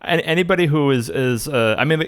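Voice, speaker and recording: A man's voice: fairly high pitch, expressive, brisk, fairly bright tone. A man hosting a casual film podcast, playful and rambling with many filler sounds. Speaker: podcast host.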